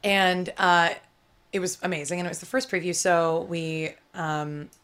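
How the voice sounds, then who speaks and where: A woman's voice: lowish voice, level tone, a little slow, fairly bright tone, clear, resonant tone. Chatty woman telling a rambling story. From United States. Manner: rambling, many fillers, laughs while telling. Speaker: guest, actor. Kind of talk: casual storytelling chat.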